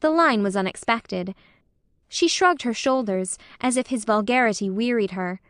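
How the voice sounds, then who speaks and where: A woman's voice: a little high, clean tone, no room sound, clean studio sound. Woman reading a classic novel aloud. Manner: measured, expressive reading. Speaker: audiobook narrator. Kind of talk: scripted narration of a classic novel.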